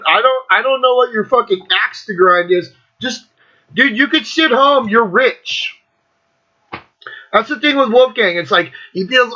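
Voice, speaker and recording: A man's voice: sits high, pushed and bright, dull audio. Profane ranting man in his fifties. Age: 50s. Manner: blunt, profane, mocking, laughs often. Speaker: podcast host. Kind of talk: profane rant.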